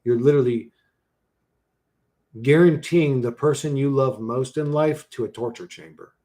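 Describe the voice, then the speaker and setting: Medium-pitched and moderately paced, this forties-aged livestreamer keeps it slangy and full of swearing. Frequent laughter punctuates talk that lurches from mumbles to sudden loud outbursts.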